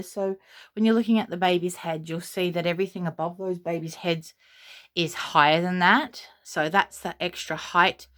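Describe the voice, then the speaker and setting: An Australian woman talks her way through a casual tour of a nursery at home. Her voice sits a little low, and she gushes softly and rambles with plenty of fillers. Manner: soft-spoken, gushing, rambling with fillers. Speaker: vlogger.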